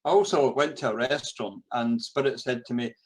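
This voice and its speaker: A man's voice: medium pitch, brisk, low-quality recording. A man with a Scottish accent giving a lecture full of personal stories, often repeating a word while he looks for the next phrase. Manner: storytelling, acts out the voices of the people he quotes. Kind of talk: anecdotal lecture.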